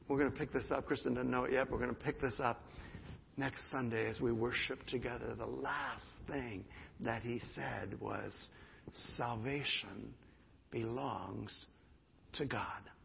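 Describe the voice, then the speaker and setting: Gravelly-voiced preacher in a reverberant church. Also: male voice, medium pitch, steady tone, normal speed, a little hiss or hum. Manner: emphatic, repeats key phrases, rises into fervent prayer. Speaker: pastor. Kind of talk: sermon. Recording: dull sound with long hall reverb.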